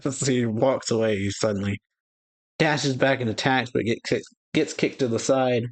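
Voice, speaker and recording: A man's voice: mid-range voice, measured pace, dry recording. Chuckling man reading a manga aloud. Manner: paraphrases character dialogue aloud with frequent chuckles; loose, rambling narration with self-corrections. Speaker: manga reaction channel host.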